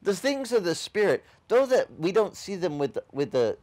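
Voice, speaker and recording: Guy preaching a sermon, kinda high voice that jumps all over, lots of questions to the crowd. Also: moderate pace. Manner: animated, conversational preaching with rhetorical questions to the congregation; mocks opposing views in dismissive quoted voices. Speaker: pastor. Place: outdoor beach service.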